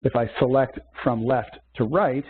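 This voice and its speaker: A man teaching a software demo in a webcast, walking through steps methodically with small fillers. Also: mid-range voice, unhurried, breathy edge. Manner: methodical step-by-step explaining with fillers. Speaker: software instructor. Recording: tinny phone-like webcast audio.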